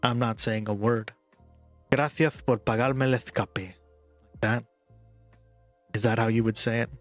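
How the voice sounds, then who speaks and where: A man's voice: medium pitch, steady tone, a little slow. A man livestreaming and chatting casually with viewers, rambling and full of "like" and "right?", with faint music behind him.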